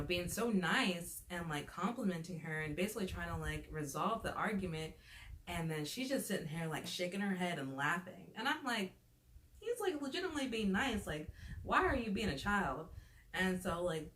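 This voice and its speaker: A woman's voice: medium pitch, lively intonation, moderate pace, fairly bright tone. A woman telling a storytime in a casual, chatty way, sounding fed up and leaning on "like" as she talks. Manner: chatty and exasperated, leans on "like" as a filler. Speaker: vlogger. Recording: roomy echo with faint noise.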